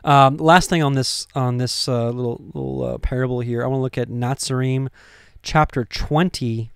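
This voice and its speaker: A man leading a casual Bible study, talking conversationally with many fillers and restarts, and getting excited at times. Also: mid-range voice, moderate pace, creaky, clear, resonant tone, no room sound, studio quality.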